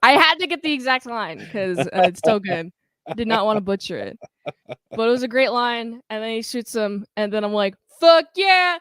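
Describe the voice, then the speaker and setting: Smooth-voiced woman chatting on a podcast. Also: a little high, moderate pace, no echo, studio quality. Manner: animated, acts out quotes. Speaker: podcast co-host. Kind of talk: casual chat.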